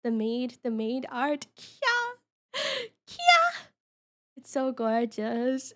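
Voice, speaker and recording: A young woman talks casually to her live-stream chat, giggling and getting excited. Her high voice swings widely in pitch. She often trips over her words and starts sentences again. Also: very slow. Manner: giggly, excitable, many restarts and stammers. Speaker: VTuber streamer.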